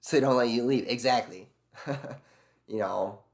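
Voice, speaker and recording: A man's voice: mid-range voice, unhurried, gravelly. A man streaming live, ranting in casual chat with lots of swearing and sarcasm while answering his chat. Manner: ranting, profane, sarcastic storytelling; reads and answers chat messages aloud.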